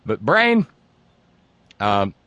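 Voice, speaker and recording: A man's voice: on the low side, big pitch swings, very slow, a bit bright, clear, resonant tone, dry recording, lo-fi sound. A male talk show host who uses carnival-barker patter and mocking asides. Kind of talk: sarcastic talk show monologue.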